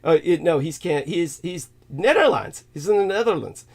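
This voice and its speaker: A man's voice: on the high side, animated, normal speed, gravelly. A man hosting a podcast in casual chat, laughing often and using flowery, old-fashioned phrasing. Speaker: podcast host.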